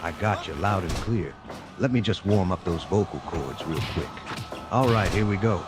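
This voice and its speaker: A male co-commentator with a very low voice calls a wrestling match in a cheesy, upbeat way. He leans on folksy stock phrases. Music plays clearly underneath. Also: normal speed.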